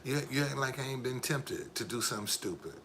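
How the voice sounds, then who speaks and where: A man's voice: mid-range voice, expressive, a little fast, pushed and bright, a little hiss or hum. A man live streaming in a casual, rambling way, repeating himself and talking straight to his viewers. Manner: repetitive, emphatic, addresses viewers directly.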